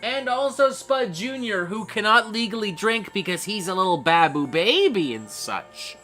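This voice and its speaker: A man's voice: sits high, lively intonation, normal speed, pushed and bright, faint music behind. A man hosting a casual livestream, reading chat messages aloud and reacting with frequent swearing.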